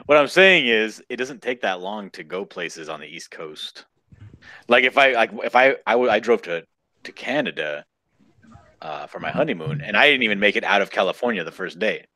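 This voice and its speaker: A man's voice: on the low side, very animated, normal speed, bright, forceful tone, no room sound. A man co-hosting a casual chat, talking in a rambling way with lots of fillers and restarts. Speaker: co-host. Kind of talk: casual chat during a live drawing stream.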